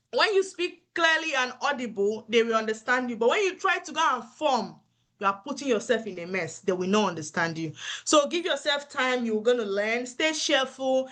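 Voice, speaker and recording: A woman's voice: high-pitched, bright, forceful tone. Earnest woman giving advice. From Africa. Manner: earnest and encouraging, repeating points for emphasis. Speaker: nurse giving career advice. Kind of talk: motivational advice talk.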